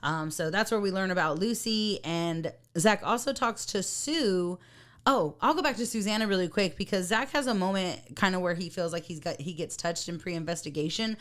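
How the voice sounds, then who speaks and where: A woman co-hosting a casual podcast, telling the story of a TV episode with frequent laughter. Her voice sits a little low for a woman, and she acts out the people she quotes. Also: normal speed, fairly bright tone. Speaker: podcast co-host. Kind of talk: casual chat recapping a TV episode.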